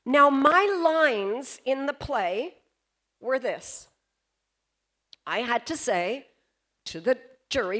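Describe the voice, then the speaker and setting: A woman giving a storytelling keynote at a convention, pausing for effect and putting questions to the audience. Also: high voice, very animated, fairly bright tone. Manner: dramatic pauses, questions to the audience. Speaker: keynote speaker. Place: convention stage.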